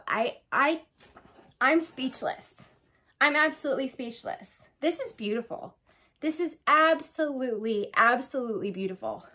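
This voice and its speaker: High-voiced woman gushing over a gift. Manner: gushing, effusive, repeats phrases. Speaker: vlogger opening a gift package. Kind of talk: casual unboxing vlog.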